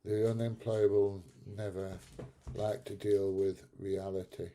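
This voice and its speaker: A man's voice: deep voice, level tone, measured pace, dark tone. A man in his seventies hosting a live stream, reading out chat comments and bantering back at trolls with frequent laughs. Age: 70s. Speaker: livestream host reading chat.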